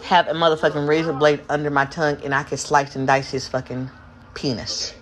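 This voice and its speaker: A woman's voice: low-pitched, little pitch movement, a little fast. A woman hosting a podcast, delivering an angry, profane, confrontational monologue and mocking others in quoted voices. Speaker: podcast host.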